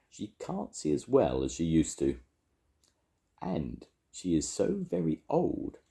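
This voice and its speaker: An older man reading a children's story aloud, gently chatting with young listeners between lines. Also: very deep voice, vocal fry. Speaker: storytelling grandad.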